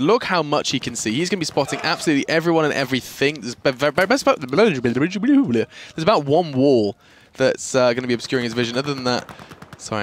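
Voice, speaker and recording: A man doing live esports play-by-play commentary, quick and joking in banter with a co-caster. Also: medium pitch, a little hiss or hum. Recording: game gunfire loud behind voice.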